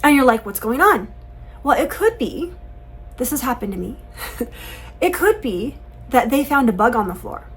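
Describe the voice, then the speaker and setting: A mother teaching other parents in an earnest, calm and firmly instructive talk. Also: high-pitched, moderate pace, long pauses, a little hiss or hum, rough recording.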